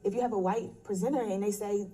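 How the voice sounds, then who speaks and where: A woman talks quickly in an interview clip, thinking out loud about her experiences. Her tone is mellow and dark. The clip sounds distant, as if played back through a stream. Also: mid-range voice, fairly even intonation, husky. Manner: reflective, thinking aloud.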